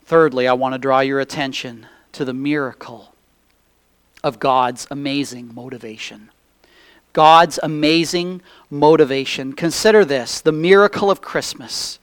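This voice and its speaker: A man preaching a sermon, swinging from loud urgent pleading to hushed near-whispers and stretching out key phrases. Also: medium pitch, smooth. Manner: preaching with drawn-out emphatic phrases. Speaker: pastor.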